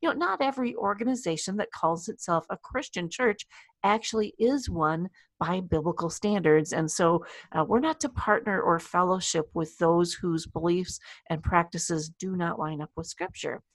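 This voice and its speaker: A woman co-hosting a conversational podcast, who talks casually, laughs easily and reads scripture aloud slowly. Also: on the low side, dry recording. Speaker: podcast co-host. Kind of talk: casual discussion and scripture reading.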